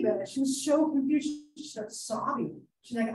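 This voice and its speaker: A woman's voice: a little high, moderate pace, hardly any pauses, darkish tone, poor audio. A woman in her thirties, a psychology instructor telling a case story to a class, chatty, with many fillers and "right?" asides.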